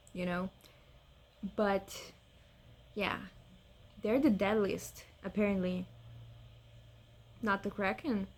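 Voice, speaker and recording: Excitable young woman gamer, slow-talking. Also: fairly high pitch. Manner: excitable, swings between scared and cooing over cute creatures. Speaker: gaming vlogger. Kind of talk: casual gameplay chat.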